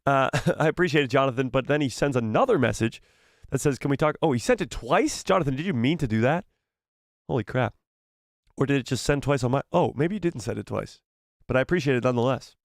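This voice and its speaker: Hoarse, excitable man hosting a live stream. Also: mid-range voice, no room sound, studio quality. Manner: excitable, frequent exclamations and quick laughs. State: losing his voice, throat-clearing. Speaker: livestream host. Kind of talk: live watch-party chat, reading viewer messages.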